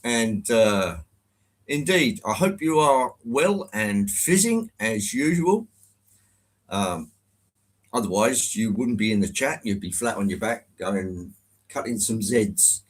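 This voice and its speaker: A man's voice: fairly low pitch, sing-song, takes it slowly. A man hosting a live stream in a genial, rambling way, greeting viewers one by one. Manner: genial, rambling, chatty with fillers.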